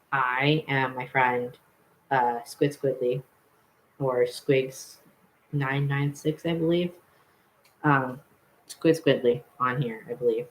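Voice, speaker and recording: Young male vlogger at mid pitch, casual storytelling, loose and rambling, stops and corrects himself often. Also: low-quality recording. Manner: rambling, with many fillers and self-corrections.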